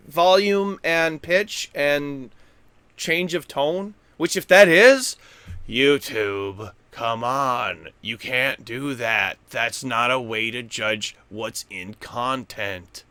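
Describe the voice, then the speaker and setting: A man hosting a gaming news channel on YouTube, chatting casually and rambling. He talks loudly and goofily, swinging between quiet and loud. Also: mid-range voice, very slow, clear, resonant tone, no room sound. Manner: goofy, self-deprecating. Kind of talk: casual rambling commentary to camera.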